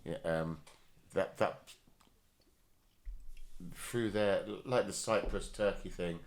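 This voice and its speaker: A man hosting a podcast, chatting casually and bluntly with frequent swearing and quick reactions. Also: sits low. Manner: blunt, swears freely, short interjections. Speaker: podcast host. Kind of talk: casual chat.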